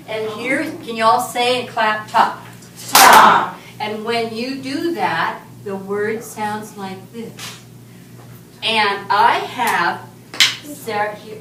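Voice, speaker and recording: A woman teaching a class of young children, speaking slowly and patiently as she leads clapping and rhythm chants. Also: fairly high pitch. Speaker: music teacher. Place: elementary school classroom. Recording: echoey classroom from far off, noisy.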